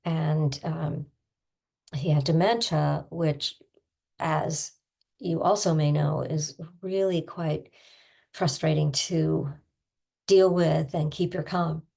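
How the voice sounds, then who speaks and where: An older woman talks her listeners through a self-help tapping lesson. Her voice sits low with a gravelly edge, and she speaks slowly in a gentle, encouraging way. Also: steady tone. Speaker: tapping coach.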